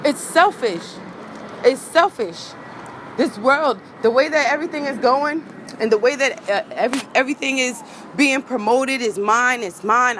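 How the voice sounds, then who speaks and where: A woman's voice: a little high, normal speed, a bit bright, slight background noise, rough recording. A woman, a vlogger in an angry rant to her viewers, heated, profane and repeating herself.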